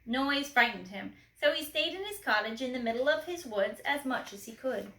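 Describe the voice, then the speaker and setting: A woman reading a children's storybook aloud expressively, gently asking the listener questions. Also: high-pitched, animated, moderate pace, roomy sound, low-quality recording.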